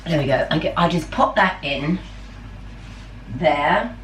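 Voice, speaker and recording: A middle-aged woman chats unhurriedly through a home cooking vlog, enthusiastic about her food and quick to poke fun at herself. Her voice sits a little low and she takes her time. The sound is roomy and distant, picked up by the camera across a home kitchen with a faint hum behind her. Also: expressive. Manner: chatty, self-deprecating, enthusiastic about food. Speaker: vlogger. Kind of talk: casual vlog chat while cooking.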